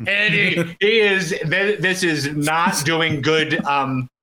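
A man who is a guest on a casual film podcast, gently hedging his criticism with a wry, laughing delivery. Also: a little high, fairly even intonation, slow, crowd noise.

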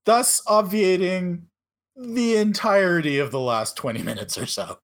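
A woman co-hosting a podcast, making wry, deadpan jokes as she recaps a film. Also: on the low side, a little slow. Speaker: podcast co-host. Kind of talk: casual movie recap chat.

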